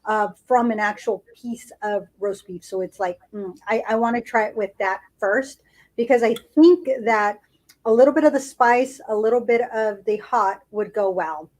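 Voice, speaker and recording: A woman's voice: mid-range voice, moderate pace, darkish tone, poor audio. A woman co-hosting a podcast, chatting casually and savoring food as she tastes it aloud. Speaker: podcast co-host. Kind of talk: casual food-tasting chat.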